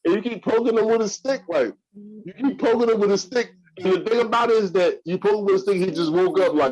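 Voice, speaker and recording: A man's voice: high voice, brisk. A man co-hosting a podcast, animatedly retelling a clip in casual reaction chat. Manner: animated, laughing, storytelling. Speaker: podcast co-host. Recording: dull lo-fi sound.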